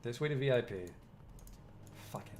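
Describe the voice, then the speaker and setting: A man's voice: mid-range voice, normal speed, darkish tone, soft background music. A man doing let's play commentary over a game, swearing and sardonic as he plays. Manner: profane, sardonic. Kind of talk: gameplay commentary.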